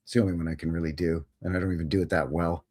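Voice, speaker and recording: A man with a fairly low voice hosts a live show, talking about photos in a relaxed way. His tone is wry and joking, and he is quick to sound amazed. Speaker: host.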